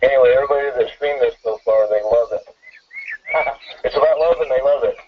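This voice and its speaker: A man calling in to a talk show, speaking casually and haltingly. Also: mid-range voice, narrow, tinny audio, slight background noise. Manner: halting, with fillers and restarts. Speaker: caller. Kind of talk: casual call-in chat.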